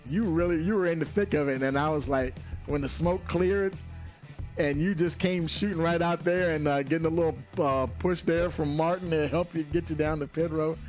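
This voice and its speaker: A man calling a live sim race as commentator, excitable and loose, with many filler words. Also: fairly high pitch, normal speed, soft background music. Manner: excitable, rising sharply at big moments.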